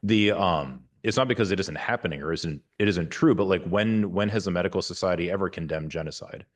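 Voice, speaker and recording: A man's voice: low voice, brisk. A man in his forties, a surgeon giving an informal university talk, rambling with many restarts and fillers and making candid, wry asides. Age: 40s.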